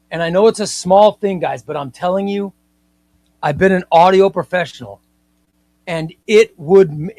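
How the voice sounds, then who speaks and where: A man's voice: fairly high pitch, darkish tone, dry recording. Emphatic man hosting a dry-miked livestream. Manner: emphatic, repeats himself, reads viewer comments aloud. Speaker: comics livestream host. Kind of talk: casual livestream chat.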